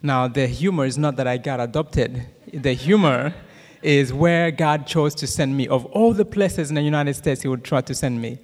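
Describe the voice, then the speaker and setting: A man in his thirties from Rwanda with a Rwandan accent gives a church testimony and prayer, talking fast with many "uh" fillers and jokes with the audience. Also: mid-range voice, darkish tone. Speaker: guest speaker giving a testimony. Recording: long hall reverb.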